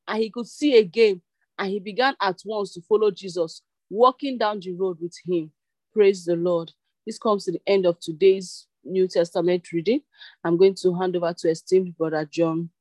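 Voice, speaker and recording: A woman pastor reading a Bible passage aloud in a steady way. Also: on the low side, normal speed, no room sound, rough recording. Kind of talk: scripture reading.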